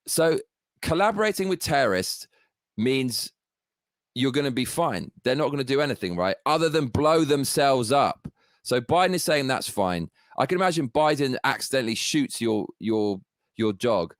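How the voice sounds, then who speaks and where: A man in the middle of a furious political rant, swearing freely and dripping with sarcasm. His voice sits at an ordinary middle pitch. The sound is close and dry, with no room echo. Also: expressive, moderate pace. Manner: profane, heated, sarcastic ranting. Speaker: political commentator.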